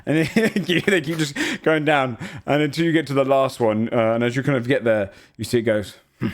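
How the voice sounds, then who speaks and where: A man's voice: medium pitch, brisk. A man narrating as game master in a tabletop game, rambling and hesitant with many fillers.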